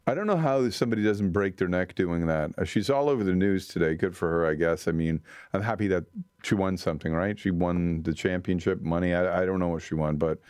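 A man's voice: low-pitched, brisk, a little mellow, clean tone, no echo. A man hosting a radio talk show, making dry, sarcastic remarks about news clips in a casual way. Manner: dry, sarcastic, dismissive asides.

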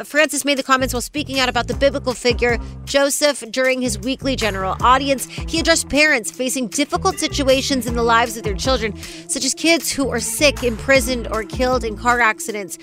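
A woman's voice: a little high, fairly bright tone. A woman co-hosting a morning talk show, chatting with a bubbly, laughing manner and reading news items. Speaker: radio show co-host.

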